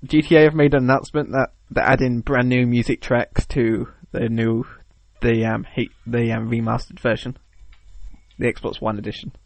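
A man's voice: medium pitch, flat delivery, normal speed, gravelly, darkish tone, no room sound. A man co-hosting a casual chat about video games, rambling and joking and acting out little scenes. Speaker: podcast co-host.

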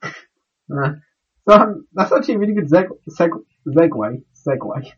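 Male podcast co-host, husky, slightly high, stumbles over words, lo-fi recording. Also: animated, moderate pace, fairly bright tone. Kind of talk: casual podcast chat.

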